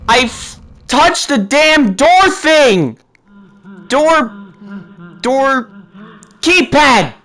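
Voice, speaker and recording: Frantic, bright-voiced gamer talking to themself. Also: low-quality recording. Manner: swings between frantic yelling and low muttered asides; talks to themself and to game characters. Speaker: gaming YouTuber. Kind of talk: let's play commentary.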